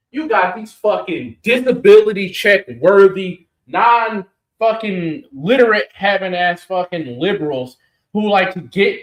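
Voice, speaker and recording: Profane, argumentative man in a roomy echo. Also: sits high. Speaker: co-host. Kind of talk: heated political reaction chat.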